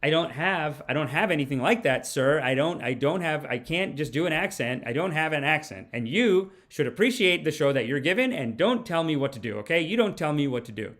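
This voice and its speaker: A man's voice: a little high, animated, fairly quick, hardly any pauses, fairly bright tone. Man doing a stand-up comic, indignant, huffy, lecturing, stiff politeness. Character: indignant adult male stand-up comic scolding a heckler.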